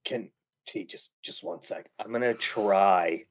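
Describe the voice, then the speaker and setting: A man's voice: lowish voice, slow. A man playing a tabletop game, speaking hesitantly and asking careful questions. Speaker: player. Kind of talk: casual tabletop play.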